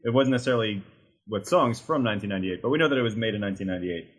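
A man's voice: on the low side, rapid-fire, slightly rough. A man co-hosting a casual podcast, easygoing and a little rambling. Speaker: podcast co-host.

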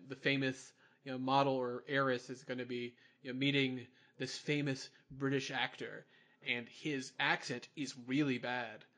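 Easygoing man chatting on a podcast. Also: medium pitch. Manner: relaxed, chatty, laughs easily. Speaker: podcast co-host. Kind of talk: casual movie review chat.

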